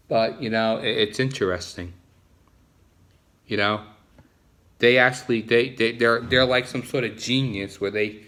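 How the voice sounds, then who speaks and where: Rambling New Jersey man, bright voice. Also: on the low side. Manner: repetitive, frequent restarts. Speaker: vlogger. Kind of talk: casual rambling monologue.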